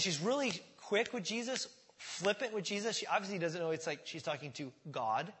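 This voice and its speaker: Guy preaching a sermon, kinda husky, lots of "does that make sense", acts out the quotes, big echoey hall. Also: high-pitched, brisk, hardly any pauses, fairly bright tone. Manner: conversational, keeps asking "does that make sense?"; acts out voices in quoted dialogue. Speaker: pastor.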